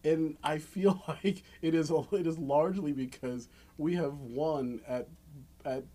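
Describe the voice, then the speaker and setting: A man co-hosting a podcast in casual chat, animated and laughing often as he jokes around. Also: a little high, unhurried. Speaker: podcast co-host.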